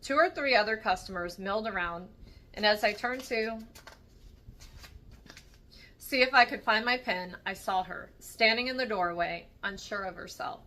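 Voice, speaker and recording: A woman reading a novel aloud for her read-along channel, steady with small slips and self-corrections. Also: medium pitch, normal speed. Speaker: book channel reader.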